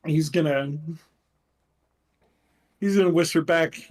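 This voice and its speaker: A man's voice: medium pitch, fairly even intonation, a little slow. A man narrating a tabletop game as game master, describing character actions with frequent fillers.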